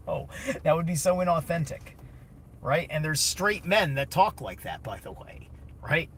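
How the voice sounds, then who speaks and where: A man's voice: fairly high pitch, very animated, normal speed, a little hiss or hum. A man streaming a blunt, casual, opinionated monologue, swearing heavily and answering chat.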